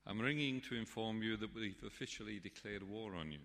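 Man doing a jaunty Irish pub regular, bright voice, church reverb. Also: lowish voice, a little fast, gravelly.

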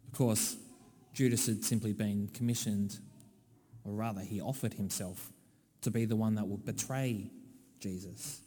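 Australian preacher in a reverberant hall. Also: male voice, fairly low pitch, fairly even intonation, a little slow, long pauses, mellow. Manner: conversational and wry, with dry asides. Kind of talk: sermon.

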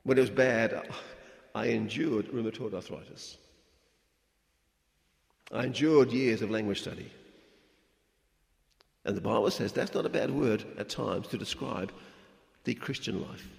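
A middle-aged man, a missionary preacher, giving a conversational, animated sermon with stammered restarts. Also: on the low side, unhurried, creaky, pauses often. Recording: echoey hall with long reverb.

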